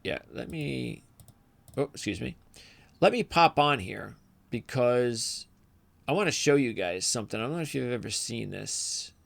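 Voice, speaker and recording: A middle-aged former radio man hosts a motorsports channel, talking to camera in a medium-pitched, creaky voice with lively intonation, a little slowly. His commentary is casual and rambling, full of restarts and asides, and sometimes gets heated.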